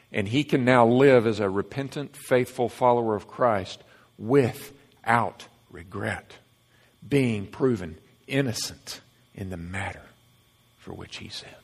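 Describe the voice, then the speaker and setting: Earnest preaching man in echoing hall. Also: mid-range voice. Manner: earnest, emphatic preaching with swings between loud and hushed. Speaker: pastor. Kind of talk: sermon. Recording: long reverb of a large hall.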